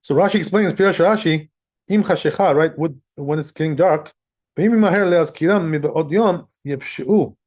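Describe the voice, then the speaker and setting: Man, rabbi, casual law class, chatty, slightly high voice. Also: normal speed, darkish tone. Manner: conversational, sprinkles in "right?" and "you know", chuckles often. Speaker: rabbi teaching Jewish law.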